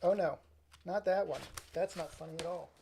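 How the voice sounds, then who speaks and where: A man's voice: high-pitched, normal speed, vocal fry, mellow, a little hiss or hum. A man talking casually to the camera in a rambling, self-deprecating way. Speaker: vlogger.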